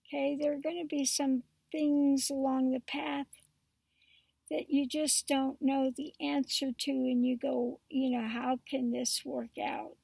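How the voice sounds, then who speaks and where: A woman tarot reader talking casually and spiritually to her viewers, slow and halting with many pauses and fillers. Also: high voice, little pitch movement, creaky, darkish tone, no room sound, recorded from a distance. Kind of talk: casual spiritual talk to camera.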